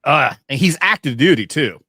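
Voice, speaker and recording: A man's voice: fairly high pitch, moderate pace, no echo, clean studio sound. A man hosting a casual online talk show, joking and cursing freely with his co-hosts. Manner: animated, profane, jokey. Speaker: podcast host. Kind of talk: casual chat.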